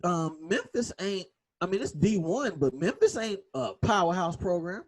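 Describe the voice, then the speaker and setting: A man co-hosting a sports podcast in casual chat, emphatic and animated in how he argues his points. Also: moderate pace. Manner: emphatic, animated, drops into low tones for emphasis. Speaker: podcast co-host.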